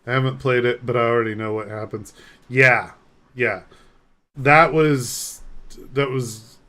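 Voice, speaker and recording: A man's voice: medium pitch, fairly even intonation, a little slow, bright, forceful tone. A man streaming a game live, chatting casually with a rambling, self-deprecating manner as he reads and answers chat.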